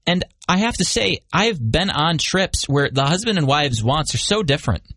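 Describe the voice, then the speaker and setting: Lively joking male co-host. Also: fairly high pitch, moderate pace, few pauses, dry recording. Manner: joking, chatty storyteller. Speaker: radio show co-host. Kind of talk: casual banter.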